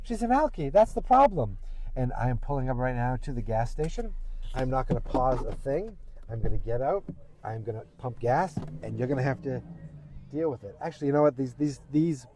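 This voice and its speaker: A man's voice: mid-range voice, fairly quick, warm tone, a little hiss or hum, poor audio. A man hosting a podcast, chatting casually while driving and recapping an episode in a rambling way. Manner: rambling, acts out quotes in raised voices. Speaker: podcast host. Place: car.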